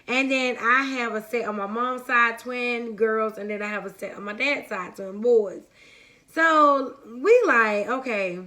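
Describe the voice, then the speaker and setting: A young woman with a fairly high, bright and forceful voice tells a personal story to her viewers. She rambles in a chatty way, fills gaps with "um," and keeps turning to her audience with "y'all.". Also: unhurried. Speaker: vlogger. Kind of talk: casual story time to viewers.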